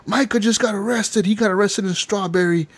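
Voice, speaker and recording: A man's voice: high-pitched, a little fast, husky, voice pushed up. A man voicing a panicked young male outlaw from a western video game, pleading frantically.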